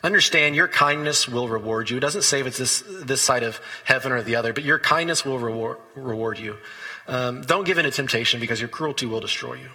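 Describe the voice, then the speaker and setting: A man's voice: medium pitch, a little fast, pushed and bright, husky, big-room sound, low-quality recording. A man preaching a sermon as pastor, talking conversationally and telling stories between scripture readings.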